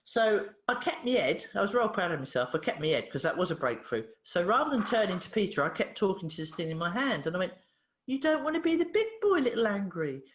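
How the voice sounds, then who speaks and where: Woman, therapist guest, animated storyteller, very expressive pitch, roomy echo. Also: quick pace, few pauses. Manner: animated, acts out voices in her anecdotes. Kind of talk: casual storytelling interview.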